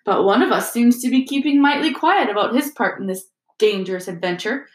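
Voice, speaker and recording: A woman reading aloud plays a kindly old wizard headmaster with a soft, calm, gently amused way of speaking. He sounds patient and warm-hearted. The storybook recording rings with a roomy echo. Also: fairly high pitch, a little fast, lightly acted. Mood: wry. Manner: gentle, calm, softly twinkling.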